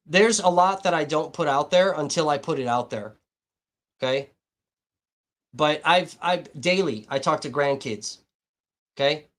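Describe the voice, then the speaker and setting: A man with a slightly high voice rambles through a casual livestream, swearing freely and talking straight to his chat viewers. He sounds hot and worn out by thirst. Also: unhurried, long pauses, fairly bright tone. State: hot and dehydrated.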